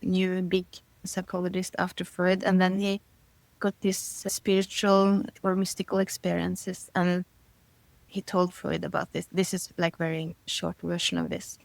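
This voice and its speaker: A woman's voice: lowish voice, little pitch movement, measured pace, vocal fry, no room sound, low-quality recording. A middle-aged woman being interviewed, talking thoughtfully and searching for her words, often breaking into light laughter between thoughts. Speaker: guest. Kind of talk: casual interview conversation.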